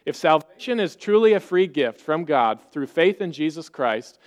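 Male pastor, high voice, earnest conversational sermon delivery, rhetorical questions to the congregation. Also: big pitch swings, moderate pace.

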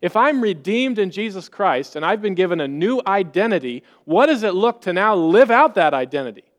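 A man's voice: sits high, big pitch swings, normal speed. A pastor preaching a sermon to his congregation, earnest and conversational, often posing rhetorical questions.

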